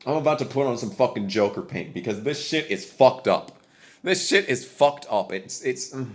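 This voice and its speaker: A man's voice: medium pitch, lively intonation, normal speed. Young guy ranting mad at the camera, cussing nonstop, bitter, says stuff twice. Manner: profane, bitter, heated, repeats himself. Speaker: video creator ranting to camera. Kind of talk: angry political rant.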